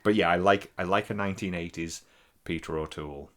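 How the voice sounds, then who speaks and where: A man's voice: sits low, fairly quick, fairly bright tone. A man, co-hosting a podcast in casual, rambling chat full of swearing. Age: 40s. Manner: sweary, rambling, laughs a lot. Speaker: podcast co-host.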